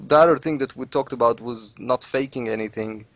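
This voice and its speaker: A man's voice: medium pitch, fairly quick, a bit bright, no room sound. A man whose first language is Russian, chatting casually on a podcast as a guest, rambling and repeating words as he talks. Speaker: let's play creator, guest.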